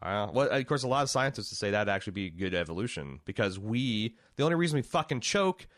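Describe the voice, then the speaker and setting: A man's voice: fairly low pitch, big pitch swings, fast, fairly bright tone, no room sound, studio quality. A man co-hosting a podcast, chatting casually about a movie, joking and swearing freely with lots of restarts. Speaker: podcast co-host.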